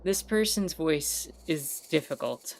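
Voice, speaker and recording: A woman's voice: low voice, lively intonation, takes it slowly, a little mellow, slight background noise. A woman streamer chatting casually and self-mockingly while playing a game. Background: guitar music.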